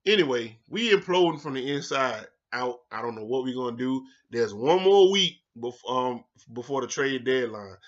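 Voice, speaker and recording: A man hosting a sports show in a casual rant, heated and profane, swinging from low mutters to loud outbursts. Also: animated, normal speed, hardly any pauses, muffled recording.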